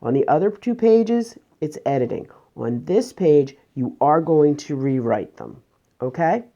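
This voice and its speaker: Female teacher, low warm voice, patient remote-lesson explainer. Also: lively intonation, unhurried, lo-fi sound.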